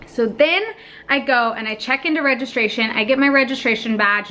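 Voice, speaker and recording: A woman's voice: fairly high pitch, a little fast, pushed and bright. A young adult woman vlogger telling her trip story in a casual voice-over, chatty and full of fillers.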